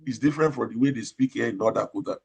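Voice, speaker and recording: Loud, emphatic Nigerian man. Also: mid-range voice, racing, creaky, slightly rough, dull audio. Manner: loud, emphatic, repeats points and asks rhetorical questions. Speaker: operating room nurse manager. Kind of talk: advice talk in an interview.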